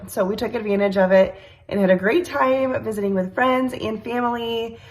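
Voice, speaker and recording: Congested woman in her thirties, slightly nasal, casual kitchen chatter, mid-pitched. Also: moderate pace. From New York. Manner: chatty, rambling, many fillers. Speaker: cooking vlogger. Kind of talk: casual chat. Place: home kitchen.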